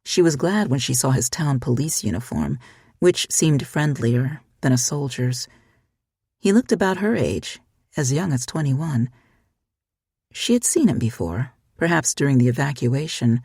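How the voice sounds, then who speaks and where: A husky-voiced narrator reading a story aloud in a steady, measured way. The sound is dry and close, with no room around it. The pitch sits in the middle range. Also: no echo. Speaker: audiobook narrator. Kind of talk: scripted narration.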